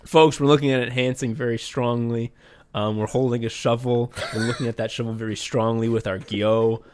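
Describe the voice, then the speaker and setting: A man's voice: medium pitch, fairly even intonation, a little fast, clear, resonant tone, lightly acted. A man putting on a rambling, boastful elderly male politician who keeps calling the crowd "folks".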